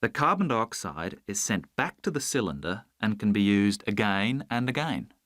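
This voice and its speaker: Young design student, earnest, explains stuff step by step, dry close sound. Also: male voice, lowish voice, big pitch swings, normal speed, a bit bright, no echo. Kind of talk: scripted exam listening recording.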